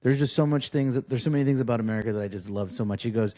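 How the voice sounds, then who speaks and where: A man's voice: medium pitch, rapid-fire, mellow. A man hosting a podcast in casual chat, rambling and joking crudely. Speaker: podcast host.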